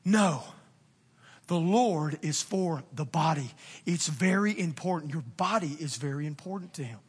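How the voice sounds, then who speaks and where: A male pastor preaching a sermon with fervent emphasis, swinging from near-shouts to hushed, quiet appeals. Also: a little high, lively intonation, unhurried, slightly rough.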